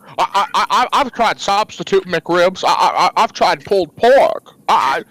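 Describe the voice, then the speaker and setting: A man's voice: high voice, expressive, measured pace, fairly bright tone, no echo, rough recording. A man doing a stammering old-time film star. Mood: desperate. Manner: stuttering, repeating words, pleading. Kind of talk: comedic impression on a podcast.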